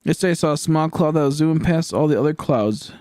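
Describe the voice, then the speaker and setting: A young man chats through a gaming stream, worn out but still cracking silly jokes. His voice sits a little high and sounds close and dry, with no room around it. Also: fast, darkish tone, no room sound. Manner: goofy, joking banter with silly rhymes. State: tired. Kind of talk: casual live-stream chat.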